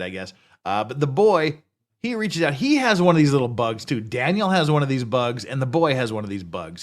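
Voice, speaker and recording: A man's voice: mid-range voice, a bit bright. A man giving a casual, unscripted recap of a TV episode, rambling and correcting himself as he goes. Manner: rambling, frequent restarts and self-corrections; casual, conversational. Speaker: TV series reviewer.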